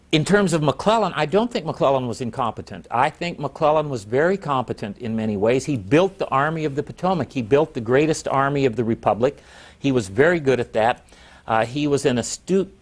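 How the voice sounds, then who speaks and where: A man, a historian, answering interview questions in a measured, reflective way. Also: mid-range voice, darkish tone.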